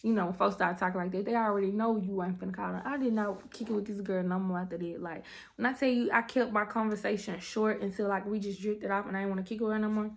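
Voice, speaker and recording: A young woman telling her testimony in casual, animated storytelling, talking straight to her viewers. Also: medium pitch, quick pace, creaky. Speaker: testimony speaker.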